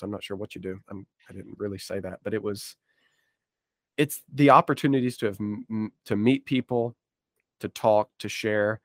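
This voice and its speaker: A man's voice: on the low side, steady tone, moderate pace, dry recording, clean studio sound. A man co-hosting a podcast, chatting casually with self-deprecating jokes. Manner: joking, self-deprecating asides. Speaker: podcast co-host.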